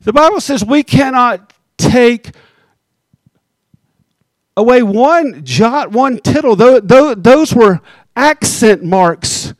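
Male pastor, high-ish voice, conversational sermon delivery with slow emphatic beats, dry close recording. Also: expressive, no echo. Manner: conversational preaching, teasing the congregation, slows down for emphasis.

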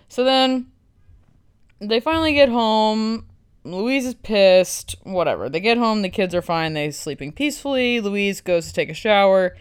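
A woman's voice: mid-range voice, lively intonation, measured pace, clear, resonant tone. A woman podcast host recapping a film in a blunt, sarcastic way, swearing freely.

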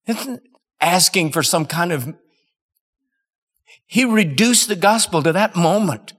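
A male preacher tells a story from the pulpit, dramatic and emphatic. He speaks slowly and leaves weighty pauses between his phrases. His voice echoes with a long reverb through a large hall. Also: fairly high pitch, very animated, fairly bright tone, husky. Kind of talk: sermon storytelling.

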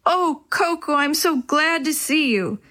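A woman's voice: on the high side, animated, moderate pace, pushed and bright, exaggerated voice. A woman doing an eager, pleading young boy. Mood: urgent. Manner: pleading, emotional. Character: eager young boy devoted to his dog.

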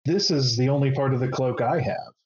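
A man voicing a calm, guarded woman guild master who bargains in a measured, deliberate way, on a slightly muffled recording. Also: mid-range voice, natural voice.

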